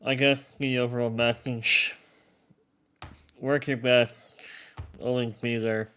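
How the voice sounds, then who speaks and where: A man on a podcast answers mostly in brief, agreeing replies in a loose chat. His voice is smooth and clear, sitting at a middle pitch. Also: little pitch movement, takes it slowly, pushed and bright. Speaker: podcast co-host. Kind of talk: casual chat.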